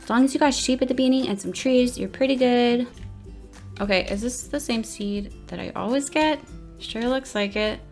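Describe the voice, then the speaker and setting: A woman's voice: a little high, normal speed, faint music behind. A young woman giving casual commentary over her own game, chatty and self-mocking, often flustered as she races the clock. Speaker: gaming YouTuber.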